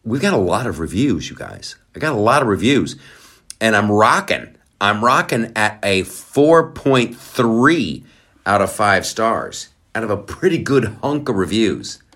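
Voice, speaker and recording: A male podcast host with a lowish voice that leaps all over in pitch as he rambles. He talks playfully and excitably, hopping off on tangents and trading loud bursts for quiet, muttered asides. Casual solo show talk. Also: unhurried.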